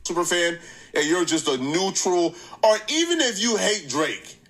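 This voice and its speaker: A man hosting a reaction channel, giving casual, animated commentary, laughing easily and repeating points for emphasis. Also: high voice, a little slow, poor audio.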